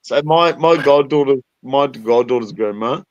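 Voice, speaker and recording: A man with an Australian accent telling crude stories in a casual chat, loud and often laughing. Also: medium pitch, moderate pace, muffled recording, a little hiss or hum.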